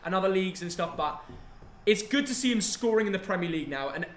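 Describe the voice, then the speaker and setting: A young man, reacting live to a football match and getting excitable at the big chances. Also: high voice, quick pace, a little hiss or hum. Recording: echoey room.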